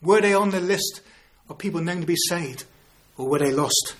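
Male preacher, 50s, earnest sermon delivery with rhetorical questions, slightly higher voice. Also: moderate pace, a little hiss or hum. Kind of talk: evangelistic sermon.

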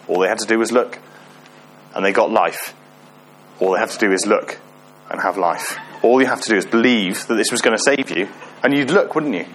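A man's voice: lowish voice, a bit bright, a little hiss or hum. A man giving an informal sermon, often asking the congregation questions and joking with them. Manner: chatty, asks the audience questions, self-deprecating humor. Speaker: preacher.

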